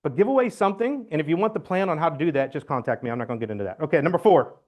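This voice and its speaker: A man giving a loud, blunt, joking talk to his real estate team, acting out phone calls as he goes. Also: fairly high pitch, animated, rapid-fire, dull audio. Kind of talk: motivational team meeting talk. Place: meeting room.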